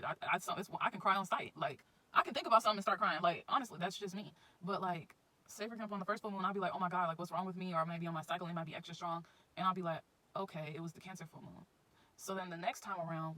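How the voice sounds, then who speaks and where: A woman's voice: on the low side, a bit bright, rough recording. A woman giving casual spiritual advice in a chatty, informal vlog, often circling back to her points. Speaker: astrology vlogger.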